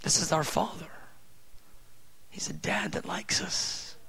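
A man in his thirties preaches with lively energy. He asks rhetorical questions and breaks into loud emphasis. His voice is fairly high, gravelly and bright. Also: slow pace, poor audio. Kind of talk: sermon.

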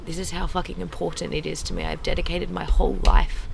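A woman hosting a casual podcast interview, hoarse from a cold, with a husky voice and an effusive manner. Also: fairly low pitch, fairly even intonation, fast talker, noisy background. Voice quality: husky, gravelly voice. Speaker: podcast host.

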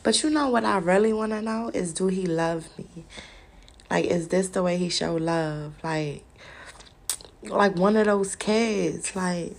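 Podcast host, female, slow husky delivery, casual profane rant with frequent laughs. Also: fairly low pitch. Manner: profane, exasperated, laughs often. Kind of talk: casual venting monologue.

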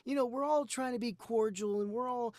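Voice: medium pitch, a little fast, a little mellow, no echo, studio quality. A co-host in a casual movie chat, chatty and full of trivia, acting out scenes while explaining them. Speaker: podcast co-host.

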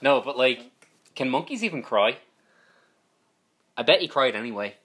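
A man's voice: medium pitch, lively intonation, moderate pace, pushed and bright, husky. Male podcast co-host with a mid-range voice and a playful, jokey delivery. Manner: joking, playful interjections. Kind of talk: casual movie-review banter.

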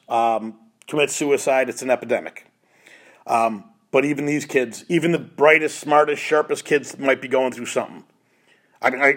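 A middle-aged man hosting a lacrosse show, speaking in an earnest, pleading monologue and often repeating himself. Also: fairly high pitch. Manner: pleading, emotional, repeats phrases and restarts.

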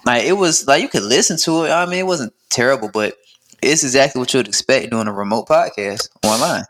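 Young man, southern twang, mid-pitched, casual podcast chat, blunt, relaxed. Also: brisk. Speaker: podcast co-host.

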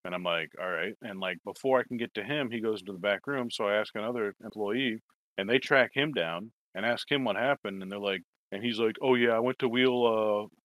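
A man's voice: fairly low pitch, fairly quick, a bit bright, dry recording. A man telling a long story in casual chat, swearing and rambling, acting out quoted lines. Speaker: toy collector telling a story.

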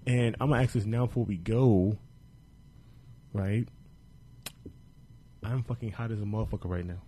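A man's voice: fairly low pitch, moderate pace, mellow, slightly rough. A man hosting a casual podcast, plugging shows in a loose, joking, profane way. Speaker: podcast host. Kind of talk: casual podcast chat with show plugs.

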